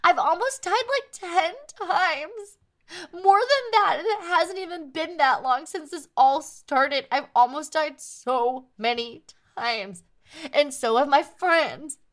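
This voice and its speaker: A woman's voice: on the high side, lively intonation, fairly quick, fairly bright tone. A woman voicing an earnest, anxious young woman pleading with her brother, stammering and restarting as she insists. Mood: upset. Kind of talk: tabletop role-play acting.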